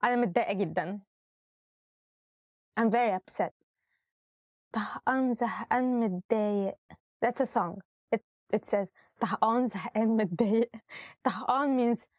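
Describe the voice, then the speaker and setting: In a mid-range, darkish voice, a language teacher and host runs a cheerful, instructive vocabulary lesson. Moving between Arabic and English, she speaks every word, says it again, then translates it; the recording is dry, clean studio sound.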